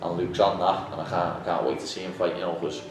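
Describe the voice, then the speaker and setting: Young guy, low voice, animated casual storyteller, recorded far from the mic in a very echoey room with faint hiss. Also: fast. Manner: animated storytelling, acts out quotes. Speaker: podcast guest, MMA fighter. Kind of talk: casual chat.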